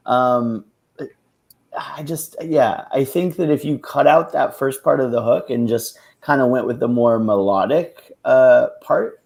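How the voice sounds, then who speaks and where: Gravelly, mellow-voiced man reviewing music. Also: mid-range voice. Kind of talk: casual review chat.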